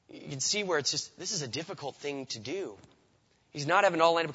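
A man's voice: fairly high pitch, expressive, brisk, pushed and bright, husky, in a large hall, highs cut off. A man preaching a sermon in a conversational way, often repeating words as he starts a sentence. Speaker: pastor.

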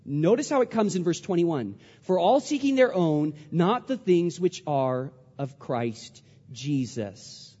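A man in his thirties, a pastor preaching a sermon, animated and then hushed as he tells a story. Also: on the high side, takes it slowly, slightly rough. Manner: animated preaching, drops to a hush for stories. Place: church hall. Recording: dull sound with long hall reverb.

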